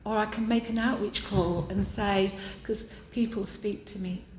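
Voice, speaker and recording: A woman speaking candidly and earnestly, with self-deprecating humor, as she shares at a support group meeting. Her voice sits at an ordinary middle pitch. It rings through a roomy, echoing meeting room, with faint background noise. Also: steady tone, unhurried, darkish tone. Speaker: meeting member sharing.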